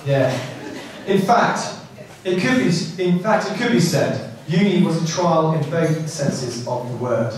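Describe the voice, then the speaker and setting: A best man delivers a wedding speech, his voice slightly high as he lands dry, deadpan jokes. He is heard from a distance in a reverberant hall while guests laugh around him. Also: unhurried. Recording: echoey hall from far off, crowd laughing.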